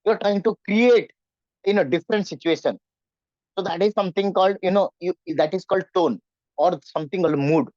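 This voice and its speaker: A man's voice: sits high, brisk, a little mellow, no room sound, highs cut off. A man teaching in an online class, often asking his students questions. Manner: repetitive, questioning students, acts out nervous voices. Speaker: English teacher.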